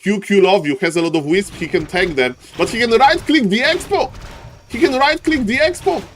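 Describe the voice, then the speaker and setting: A man casting a live strategy game match, jumping between calm play-by-play and excited yelling, repeating his catchphrases. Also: high voice, moderate pace, a little hiss or hum. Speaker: game caster. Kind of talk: live esports commentary.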